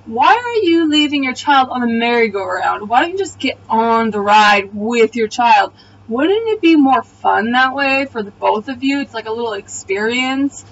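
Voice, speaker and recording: A woman's voice: fairly high pitch, animated, moderate pace, far from the mic, muffled recording, a little hiss or hum. Blunt, profane woman recapping a show. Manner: blunt, profane, exasperated retelling. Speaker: TV episode reviewer. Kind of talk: casual video review recap.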